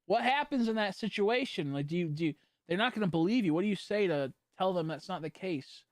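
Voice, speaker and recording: A young man streaming and chatting loosely with his viewers, joking and rambling from one silly idea to the next. His voice sits a little high for a man. The sound is close and dry, with no room echo. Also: expressive, a little fast. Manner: rambling, jokey, laughs often. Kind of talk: casual livestream chat.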